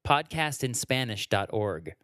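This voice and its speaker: A man's voice: medium pitch, big pitch swings, unhurried, fairly bright tone, dry recording, studio quality. A man, a comedian, joking around in a casual podcast conversation. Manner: jokey, plays with voices and sings comic songs. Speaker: comedian guest.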